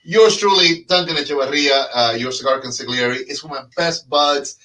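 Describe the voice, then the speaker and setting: An animated man hosts a casual live chat, joking and rambling through his sales pitch. His voice is fairly high and very bright. He sits back from a distant mic. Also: normal speed. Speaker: host and cigar brand representative.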